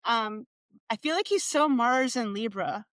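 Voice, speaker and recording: A woman's voice: on the high side, lively intonation, unhurried, fairly bright tone, no echo. A woman co-hosting a podcast in casual chat, explaining with animation and acting out little quotes. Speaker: podcast co-host.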